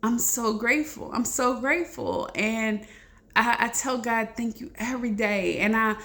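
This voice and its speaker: A woman talks straight to her viewers in a loose, rambling vlog. Her voice sits a little high, and she comes across as emotional and earnest as she shares her testimony. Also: unhurried, a bit bright. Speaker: vlogger sharing a testimony. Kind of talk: casual heartfelt chat to camera.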